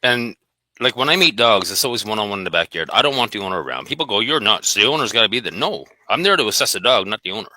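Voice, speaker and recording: A man's voice: lowish voice, very animated, quick pace, bright, forceful tone, dry recording. A man talking bluntly and emphatically about dog behaviour in a casual conversation, swearing freely.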